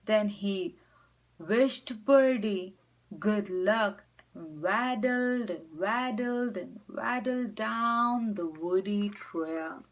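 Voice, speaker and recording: A woman teacher reading a storybook aloud to children, expressive and speaking directly to them. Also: medium pitch, rough recording.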